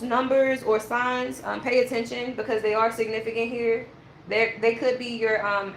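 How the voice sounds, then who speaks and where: A woman rants her way through a tarot reading, blunt and swearing freely. Her voice sits a little high. The room is echoey, with a faint hum underneath. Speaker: tarot reader. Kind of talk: casual tarot reading monologue.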